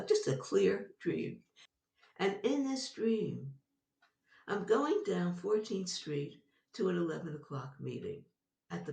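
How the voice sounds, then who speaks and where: A woman guest, older, telling a personal story in an animated way, laughing often as she talks. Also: medium pitch, gravelly, far from the mic. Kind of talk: storytelling in an interview. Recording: roomy sound from off-mic.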